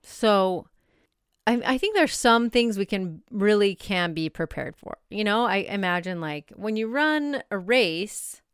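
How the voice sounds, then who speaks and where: A woman's voice: mid-range voice, animated, measured pace, clean tone, dry recording, studio quality. A woman hosting a solo podcast, talking casually, laughing often and acting out her own self-talk. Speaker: podcast host.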